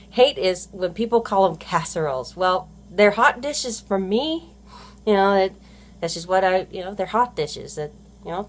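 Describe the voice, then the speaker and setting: Rambling woman. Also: mid-range voice. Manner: rambling, heavy use of "you know" fillers, self-correcting. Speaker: stay-at-home mom vlogger. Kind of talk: casual vlog monologue.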